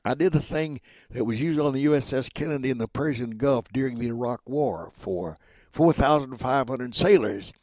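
A man's voice: mid-range voice, normal speed, darkish tone, dry recording. A man in his nineties, a guest chatting jovially in an interview and slipping into character voices. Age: 90s. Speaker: guest, veteran voice actor. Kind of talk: reminiscing interview.

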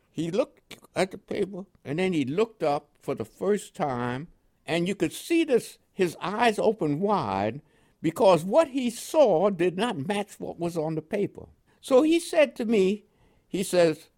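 A man's voice: high voice, darkish tone. An older man from Panama with a New York accent touched by West Indian inflections, telling his life story in an interview and chuckling often. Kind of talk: oral history storytelling.

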